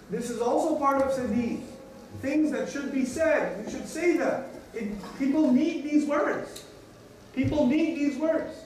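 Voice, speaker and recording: Preacher in a big echoey hall. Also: male voice, very high-pitched, darkish tone, a little hiss or hum. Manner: earnest, acts out little dialogues with other voices. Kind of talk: sermon. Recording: echoey hall, mic from a distance.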